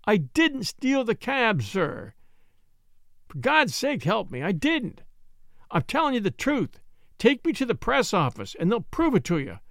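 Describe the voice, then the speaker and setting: Desperate young boy in a storybook reading, high cracking voice, put on by a man, dry booth. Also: sing-song, moderate pace, no room sound. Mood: pleading. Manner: shrill, voice breaking into sobs. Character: frantic young male cab-driving boy.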